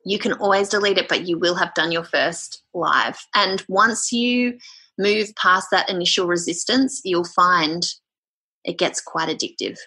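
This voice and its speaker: Guest spot: chatty woman, bright and a little husky, blunt and energetic. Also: lowish voice, measured pace. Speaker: podcast guest. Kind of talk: casual podcast interview.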